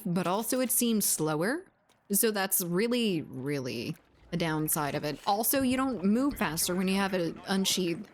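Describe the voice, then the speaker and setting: A woman's voice: lowish voice, slight background noise. A woman from Latin America chatting casually and swearing freely while streaming a shooter game, often laughing. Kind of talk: casual gaming stream chat.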